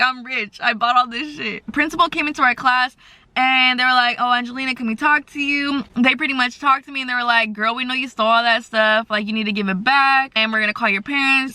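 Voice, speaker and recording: Bright-voiced chatty young woman. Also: on the high side. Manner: chatty, animated, full of "like" fillers. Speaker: vlogger. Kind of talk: casual storytime.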